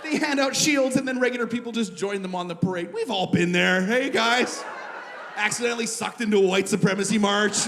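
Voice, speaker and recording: Canadian stand-up guy on a stage mic, high bouncy voice, crowd noise behind him. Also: a little fast. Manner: animated, mocking, asides to the crowd. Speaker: stand-up comedian. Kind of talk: stand-up comedy set. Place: comedy stage before a live audience. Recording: live show with audience noise.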